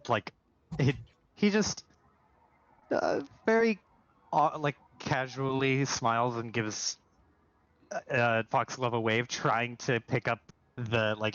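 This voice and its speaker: A man's voice: medium pitch, slow pace, long pauses, a bit bright, no room sound, muffled recording. A man player in a tabletop game, hesitantly describing his character's actions. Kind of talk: casual tabletop game chat.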